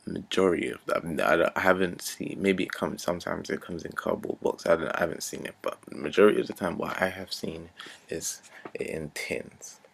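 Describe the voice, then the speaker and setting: Deep gravelly young man. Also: fairly even intonation, normal speed, a bit bright. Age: 20s. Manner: earnest, repetitive, drops to near-whisper. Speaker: vlogger. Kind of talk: unscripted rant to camera.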